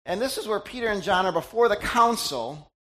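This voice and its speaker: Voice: mid-range voice, expressive, brisk, sharp tone. A middle-aged pastor giving a conversational sermon, chatty and teasing, often quizzing the congregation.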